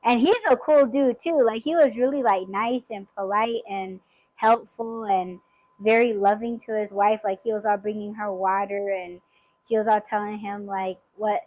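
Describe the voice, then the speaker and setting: A woman's voice: mid-range voice, steady tone, normal speed, a little mellow, no room sound, low-quality recording. A woman hosting a podcast, telling a story in casual chat, swearing freely and rambling with lots of fillers. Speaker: podcast host.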